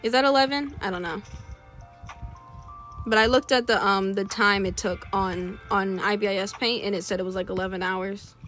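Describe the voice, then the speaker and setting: A young woman chatting casually while she draws, rambling and talking to herself as she works, now and then mimicking her characters in a higher voice. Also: fairly even intonation, normal speed, fairly bright tone, faint music behind. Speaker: artist streaming a drawing session. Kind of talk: casual chat while drawing.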